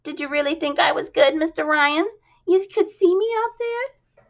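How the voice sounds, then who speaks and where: A squeaky, grating chorus girl. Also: animated, normal speed, gravelly. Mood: eager pleading. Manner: eager, breathless pleading.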